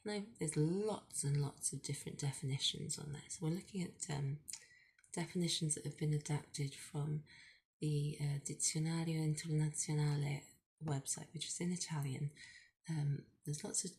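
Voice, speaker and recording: A middle-aged woman teaching a language lesson at a whiteboard, explaining slowly with many fillers. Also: sits low, fairly even intonation, a little mellow.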